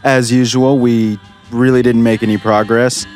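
A man hosting a comedy radio call-in show, relaxed and dry as he moderates. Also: mid-range voice, normal speed, soft background music.

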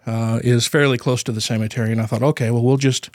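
Grieving man, halting podcast storytelling. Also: medium pitch, fairly even intonation, no room sound, studio quality. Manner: halting, with frequent fillers and nervous laughs. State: grieving, voice near tears. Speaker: podcast co-host. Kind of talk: casual storytelling chat.

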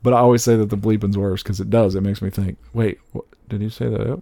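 A man in his thirties on a casual podcast, animated and swearing freely, laughing often. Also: on the low side, fast, gravelly, no room sound. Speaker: podcast co-host.

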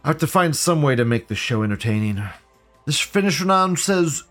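A man's voice: fairly high pitch, lively intonation, fairly quick, a bit bright, soft background music. A man hosting a live show, reading viewer comments aloud and reacting in a blunt, profane, ranting way. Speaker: livestream host.

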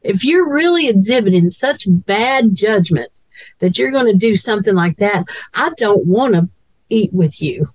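A woman's voice: mid-range voice, lively intonation, moderate pace, a little mellow, no echo, rough recording. Emphatic woman in casual talk. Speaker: co-host. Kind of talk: casual chat.

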